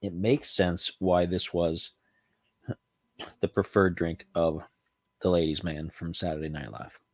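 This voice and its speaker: A man's voice: low voice, slow, no room sound. A man hosting a casual home review vlog about spirits, talking loosely with many ums and restarts. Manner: rambling, frequent ums and self-corrections. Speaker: channel host reviewing cognac.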